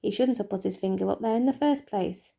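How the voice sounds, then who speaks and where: A woman voicing a sharp-tongued middle-aged mother who talks in a bossy, dismissive way. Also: mid-range voice, brisk, vocal fry. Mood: scolding.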